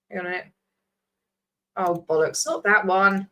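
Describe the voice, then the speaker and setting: A woman's voice: medium pitch, huge pitch swings, a little slow, a bit bright. A woman, rambling casually as she signs off her livestream, swearing freely. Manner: chatty, scattered, swears freely. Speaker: vlogger host.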